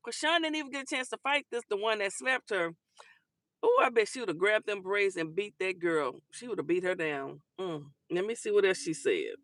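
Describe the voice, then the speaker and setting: A woman's voice: mid-range voice, animated, a little fast, fairly bright tone, no echo, clean studio sound. A woman hosting a casual talk show, chatting and giving sassy commentary on viral clips, calling listeners honey and baby.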